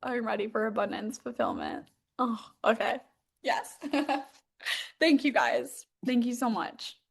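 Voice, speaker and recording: A young woman runs a live-streamed coaching session and sits a little high in her register. She sounds bubbly and excitable, and "like" runs all through her speech. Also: slow pace, gravelly, breathy edge. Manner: bubbly and excitable, heavy use of "like". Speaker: manifestation and mindset coach.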